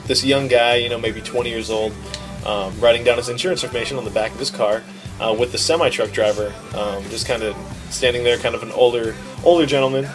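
A man co-hosting a podcast, telling a story in casual chat with an animated, self-deprecating manner. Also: medium pitch, quick pace, music in the background. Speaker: podcast co-host.

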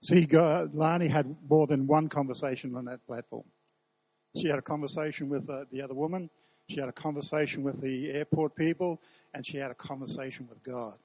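A man's voice: a little high, steady tone, a little fast, darkish tone, no echo, low-quality recording. A man preaching as a pastor at a church service, emphatic, putting questions to the congregation. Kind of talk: sermon.

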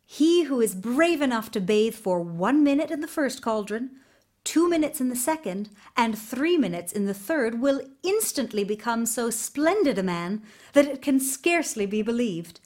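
A woman's voice: on the high side, expressive, moderate pace, a little mellow. A woman voicing a proud young princess who speaks firmly and commands in a fairy-tale reading. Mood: commanding. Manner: firm and commanding.

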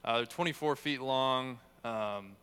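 A man's voice: medium pitch, unhurried, fairly bright tone, clean tone. A young man giving a casual, conversational sermon, telling stories with self-deprecating humor. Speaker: youth speaker.

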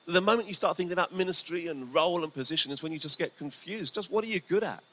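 A male pastor preaching a sermon in a conversational, storytelling way, his voice swinging between lively bursts and hushed asides. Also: a little high, fast, few pauses, low-quality recording. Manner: conversational, animated, often drops to a hushed voice. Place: church hall. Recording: faint hiss.

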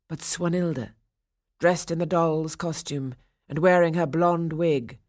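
A woman narrating a ballet storybook in a measured, expressive way. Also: sits low, no room sound, studio quality.

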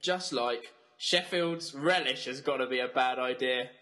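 A man in his twenties with a Southern English accent, co-hosting a student radio show with quick, teasing comic banter. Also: mid-range voice, sharp tone. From South of England.

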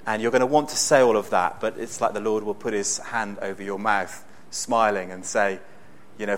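A man preaching a sermon in a conversational, storytelling way with bursts of excitement. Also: fairly low pitch, moderate pace.

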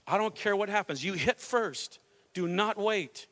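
A middle-aged pastor preaching a fervent sermon, mixing calls to worship with a conversational family story. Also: male voice, sits high, animated, measured pace, a bit bright. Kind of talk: Pentecostal sermon.

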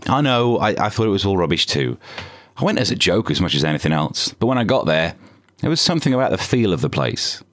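A British man hosting a comedy podcast, with dry, sarcastic asides in a deadpan monologue. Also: sits low, quick pace. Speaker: podcast host.

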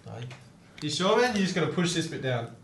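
A young man hosting a casual podcast chat. He gets excited, swears a lot and laughs often. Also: a little high, fast, slight background noise. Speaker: podcast host. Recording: roomy echo.

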